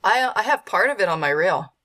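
A woman's voice: medium pitch, very animated, fairly quick, sharp tone. A woman guest voice actor chatting casually in an interview, hesitant and full of fillers and restarts. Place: at home with a dog.

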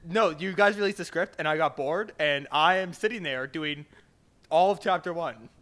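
An eager man talks earnestly as a podcast guest. His voice is bright and sits a little high for a man. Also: normal speed. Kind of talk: casual chat.

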